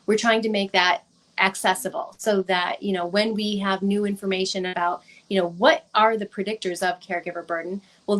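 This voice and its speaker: A woman researcher answering interview questions in a measured, explanatory way, clearing her throat as her voice gives out. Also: mid-range voice, a bit bright. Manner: measured, explanatory, repeats words when restarting. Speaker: researcher guest.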